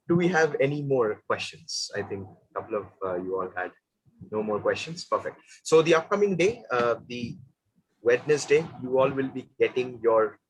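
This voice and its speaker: Upbeat guy hosting a club call, bit husky, cheering everyone on. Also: medium pitch, fairly bright tone, rough recording. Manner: upbeat and encouraging, playful. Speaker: meeting host. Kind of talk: hosting an online club meeting.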